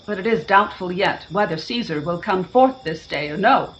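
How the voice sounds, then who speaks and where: A woman's voice: medium pitch, animated, normal speed, fairly bright tone, slight background noise, close to an everyday voice. A woman playing a shrewd, scheming Roman conspirator in an audio drama, speaking in an urgent, persuasive way. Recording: dull lo-fi sound.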